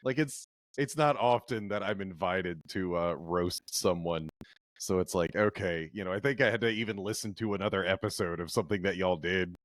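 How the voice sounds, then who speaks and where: A man's voice: sits low, moderate pace, no echo. A man guest on a podcast, telling stories in casual chat and laughing easily. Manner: laughs easily, relaxed storytelling.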